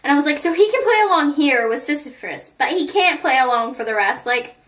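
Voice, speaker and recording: A woman's voice: sits high, expressive, brisk, a bit bright, distant mic. A woman vlogger chatting in a gushing way about the notes she wrote in a book, often laughing. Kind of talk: casual chat, reading out her notes.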